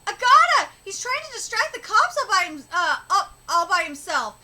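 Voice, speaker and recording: Woman reaction streamer, very high and bright voice, excitable and foul-mouthed, jumps all over in pitch. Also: moderate pace. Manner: excitable, swears and laughs often. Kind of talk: live reaction commentary.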